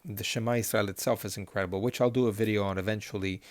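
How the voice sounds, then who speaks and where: A man teaching Torah cantillation, slowly chanting Hebrew words and then explaining them in a patient, step-by-step way. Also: on the low side, steady tone, dry recording.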